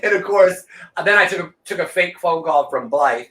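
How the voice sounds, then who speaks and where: Male co-host, profane and animated raconteur; higher-pitched voice in an echoey room. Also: normal speed. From Los Angeles. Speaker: podcast co-host. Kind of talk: casual chat storytelling.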